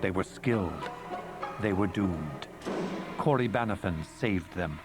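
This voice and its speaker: A man reading a fantasy novel aloud in measured, dramatic narration. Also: sits low, expressive, over loud music. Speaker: audiobook narrator. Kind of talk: scripted narration.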